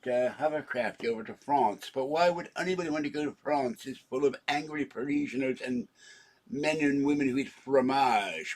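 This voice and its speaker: Rambling, jokey older man. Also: medium pitch. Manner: rambling, jokey, self-interrupting. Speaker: channel owner. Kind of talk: rambling home vlog monologue.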